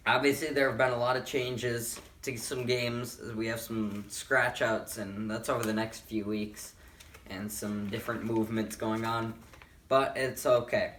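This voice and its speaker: A man's voice: mid-range voice, steady tone, normal speed, fairly bright tone. A tired man casually making football picks, rambling and correcting himself as he goes. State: tired, yawning. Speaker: sports picks vlogger. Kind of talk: casual picks and predictions talk. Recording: roomy, mic a bit far off.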